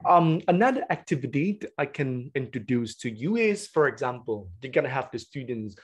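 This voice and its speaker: A man's voice: medium pitch, big pitch swings, a little fast, breathy edge. A man leading an online teacher-training session over a video call. He keeps checking in with the group, saying "all right" and "okay" often. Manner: repetitive, encouraging, with frequent "all right" and "okay".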